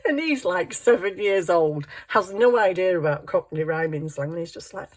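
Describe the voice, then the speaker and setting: Chatty grandmother with a low voice. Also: animated, normal speed. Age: older. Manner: chatty, giggly, rambling. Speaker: craft vlogger. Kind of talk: casual chat while crafting.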